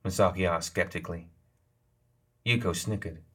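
Low, husky male audiobook narrator. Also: level tone, normal speed, a bit bright. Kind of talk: scripted narration.

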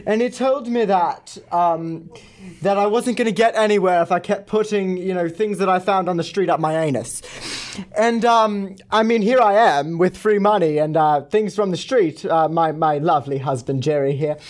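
A man's voice: sits high, natural voice. A man putting on a flamboyant rambling caller. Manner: rambling, halting, drifts into British lilt. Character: flamboyant crude male scam-call victim, Valley drawl.

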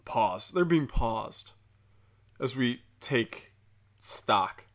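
A man's voice: mid-range voice, lively intonation, extremely slow. A young man doing a profane, heated ranting monologue as a comedian podcast host, slipping into mocking quoted voices.

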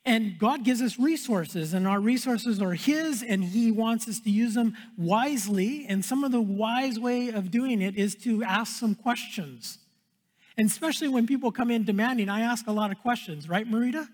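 A male pastor preaching a sermon in an earnest way, repeating phrases and dropping to a hush for emphasis. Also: very high-pitched, moderate pace. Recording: long hall reverb.

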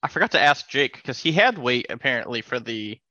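A man's voice: mid-range voice, sing-song, fairly quick, bright, forceful tone, dry recording. A man, a guest robot builder, talking in loose casual chat full of fillers. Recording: dry, muffled call audio.

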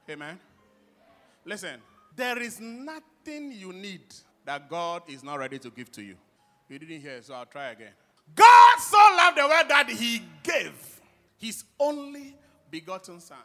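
A man preaching a sermon and leading his congregation in call-and-response shouts. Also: a little high.

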